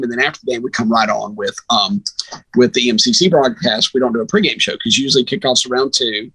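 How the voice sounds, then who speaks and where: Animated guy telling a story on a podcast, bright tense voice, mid pitch. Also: no room sound, poor audio. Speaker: sports radio announcer, podcast guest. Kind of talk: casual storytelling.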